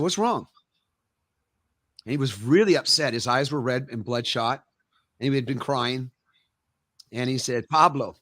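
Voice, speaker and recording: A man's voice: mid-range voice, no room sound. A middle-aged man, a karate master and interview guest, telling emphatic stories in a casual interview. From United States. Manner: animated, emphatic anecdotes.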